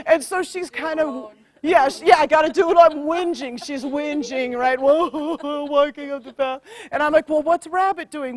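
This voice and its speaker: A woman's voice: high voice, normal speed. A woman working as an astrologer and healer, animatedly recounting a client session with frequent laughter and acted-out quotes. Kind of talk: storytelling about a client session.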